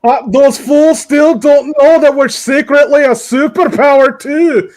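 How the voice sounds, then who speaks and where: A loud, cocky Scot , as a man puts one on, boasts in a mock Scottish accent. The voice sits high and is brash and insulting. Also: unhurried. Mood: brash mockery.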